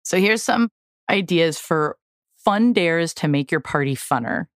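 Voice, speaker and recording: A woman with a lowish voice that swings widely in pitch. She reads out a list of party dares with dry asides in a relaxed podcast chat. The sound is close and dry, with no room to it. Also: unhurried, no echo. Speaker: podcast co-host. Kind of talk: casual chat.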